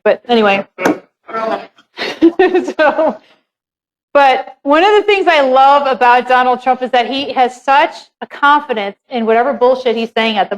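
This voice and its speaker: High-voiced woman giving a seminar. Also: low-quality recording. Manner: candid, chatty, swears casually. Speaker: real estate seminar presenter. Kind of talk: live seminar talk.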